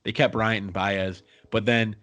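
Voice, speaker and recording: A man's voice: fairly low pitch, fairly even intonation, unhurried, a bit bright, dry recording. Laid-back young man rambling about baseball. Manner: laid-back, rambling sports talk with profanity. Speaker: podcast co-host. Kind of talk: casual sports chat.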